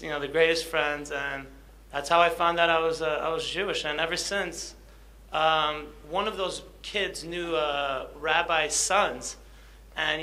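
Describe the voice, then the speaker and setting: A man's voice: a little high, sharp tone. A young man telling his personal story to an audience, hesitant, with many fillers and self-conscious laughs. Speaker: guest speaker.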